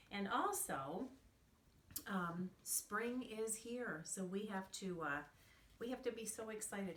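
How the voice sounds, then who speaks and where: A woman teaching young children in a remote lesson, speaking in a slow, clearly enunciated, sing-song way. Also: mid-range voice, fairly bright tone. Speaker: preschool teacher. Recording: roomy echo, distant from mic.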